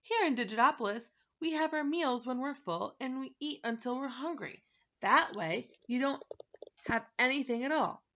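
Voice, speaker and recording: Brisk male number wizard, matter-of-fact and explaining, creaky edge, voiced by a woman; lo-fi. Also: sits high, fairly bright tone, slight background noise, voice pushed up. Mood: impatient.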